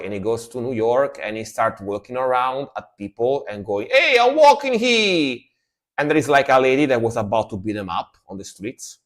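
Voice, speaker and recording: A man streaming live reactions to metal songs, talking casually and excitedly, swearing and slipping into joke impressions. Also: fairly low pitch.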